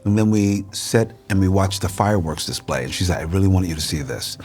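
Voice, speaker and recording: Very deep-voiced man telling animated stories. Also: a little fast, slight background noise. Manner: animated storyteller, acts out quoted voices. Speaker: guest. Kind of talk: casual interview over a meal.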